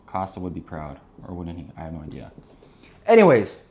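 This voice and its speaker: A man giving an energetic business lesson while drawing on a board, often checking in with his listeners. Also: deep voice, normal speed. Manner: energetic, keeps checking in with "right?" and "okay?". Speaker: business instructor.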